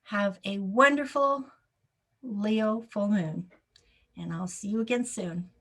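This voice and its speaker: Slow, deliberate woman astrologer. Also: medium pitch, a bit bright. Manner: deliberate, repeats key points for emphasis; frequent ums and uhs. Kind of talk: casual solo astrology talk.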